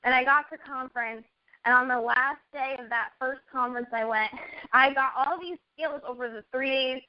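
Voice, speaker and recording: A woman's voice: sits high, fairly even intonation, moderate pace. A young adult woman in a casual chat, earnestly telling a personal story and quoting herself along the way. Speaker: network marketing guest. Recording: dull lo-fi audio.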